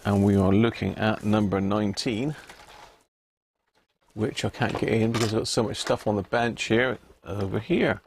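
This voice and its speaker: A man's voice: lowish voice, steady tone, normal speed, slight background noise. A man hosting a casual live stream, chatting with viewers and reading labels aloud with little chuckles. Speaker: livestream host.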